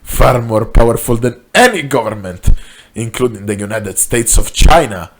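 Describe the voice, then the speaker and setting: A man reading a comedic fan story aloud in a deadpan way, with ad-libbed asides. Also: medium pitch, moderate pace, a little hiss or hum. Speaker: story reader.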